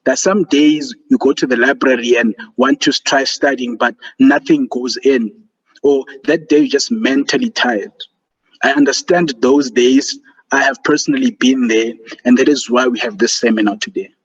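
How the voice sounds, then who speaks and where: A man's voice: mid-range voice, moderate pace, slightly rough. A man presenting a student seminar over a video call, earnest and encouraging, with fillers. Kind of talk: motivational online seminar talk. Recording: dull lo-fi call audio.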